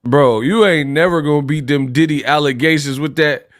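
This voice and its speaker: A man's voice: on the high side, fairly even intonation, brisk, no echo, clean studio sound. A young man hosting a casual boxing livestream, joking around and laughing often. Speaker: livestream host.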